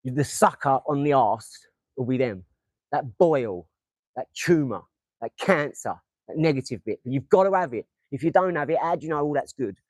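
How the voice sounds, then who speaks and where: A young man hosting a casual motivational livestream chats to viewers in an Essex accent, rambling, swearing and throwing darts. He's from England and speaks in a mid-range, animated voice at a moderate pace. The audio quality is poor but echo-free.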